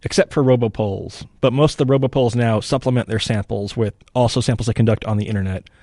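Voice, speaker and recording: A man's voice: medium pitch, quick pace, mellow, dry recording, clean studio sound. A man analysing election forecasts in a casual podcast chat, thinking aloud and hedging with frequent "you know" and "right?".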